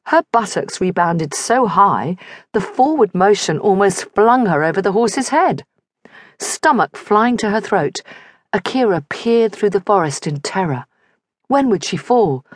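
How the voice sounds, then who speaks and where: A woman's voice: mid-range voice, animated, a little slow, no room sound. A woman narrating a romance audiobook in vivid scripted storytelling on a close studio mic.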